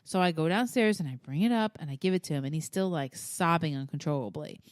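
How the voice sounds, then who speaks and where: A woman's voice: low voice, fast, dry recording, clean studio sound. A woman co-hosting a podcast, chatting casually as a mother and acting out what her family said. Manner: animated storytelling, acting out what family members said, frequent laughs. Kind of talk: casual chat.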